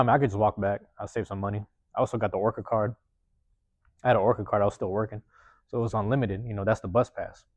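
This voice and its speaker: A man hosting a podcast, telling a personal story in a rapid, profane, casual way and acting out the lines of the people in it. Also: on the low side, no echo. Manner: profane, rapid, animated retelling with acted-out quotes. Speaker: podcast host.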